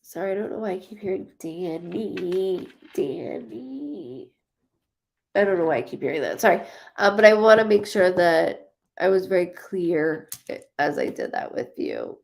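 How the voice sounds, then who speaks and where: A woman's voice: on the low side, big pitch swings, a little slow, gravelly. A woman hosting a psychic live stream, chatting casually and effusively with viewers as she reads their comments. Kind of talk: casual livestream chat reading comments.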